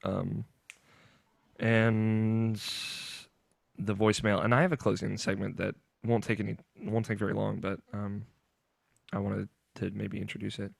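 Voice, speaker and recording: A man's voice: lowish voice, little pitch movement, unhurried, creaky, pauses often, no echo, studio quality. A young man hosting a casual group podcast, rambling with fillers and laughing often. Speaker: podcast host.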